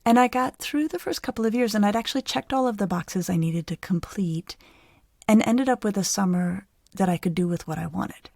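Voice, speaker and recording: A middle-aged woman psychologist hosting a podcast, explaining conversationally with an animated, easy manner. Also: mid-range voice, fairly quick, creaky, no echo, clean studio sound. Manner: animated, explanatory, laughs easily. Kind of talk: conversational expert advice.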